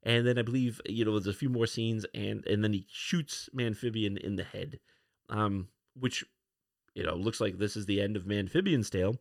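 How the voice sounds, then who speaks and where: A man's voice: on the low side, fairly even intonation, moderate pace, creaky, no echo, studio quality. A man hosting a comic book review podcast, retelling a story in a conversational, rambling way. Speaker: podcast host.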